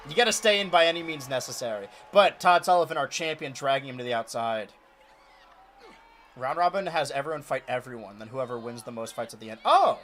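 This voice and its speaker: Young male streamer, lively bright voice, hypes and shouts over a wrestling game, then mutters low. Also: a little hiss or hum. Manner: animated, shouts and pleads at big moments, mutters while counting. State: out of breath. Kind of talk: excitable play-by-play commentary.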